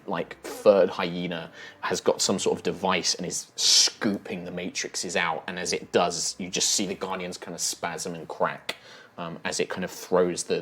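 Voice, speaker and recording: A man's voice: deep voice, slight background noise. A man narrating a fantasy tabletop game as dungeon master, describing scenes vividly with some fillers.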